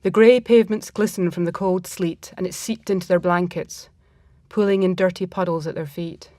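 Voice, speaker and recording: A woman with a fairly low, dark-toned voice reads a first-person story in a reflective, measured manner, her intonation fairly even. The recording is dry and close, with no room sound at all.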